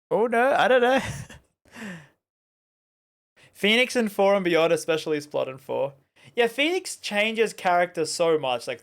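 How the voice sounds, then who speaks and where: With a high, clear voice that is fairly bright and resonant, a game streamer rambles casually to his audience. He often turns to chat and peppers his let's-play talk with fillers like "like."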